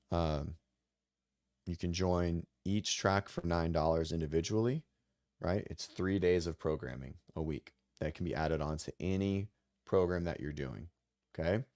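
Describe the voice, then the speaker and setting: A man's voice: low-pitched, darkish tone, no echo, clean studio sound. A man who coaches fitness, hosting a casual livestream chat in a loose, rambling way with some mild swearing.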